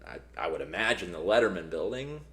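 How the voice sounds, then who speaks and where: A man's voice: sits low, lively intonation, fast, fairly bright tone. Rambling male podcast co-host telling a story. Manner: rambling storyteller with many restarts. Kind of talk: casual chat.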